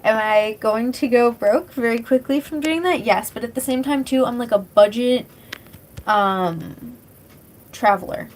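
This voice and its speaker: A woman's voice: on the high side, a little slow, a little hiss or hum, poor audio. A young woman from British Columbia, streaming and chatting casually with her chat, rambling with lots of fillers and casual swearing. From British Columbia, Canada. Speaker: live streamer.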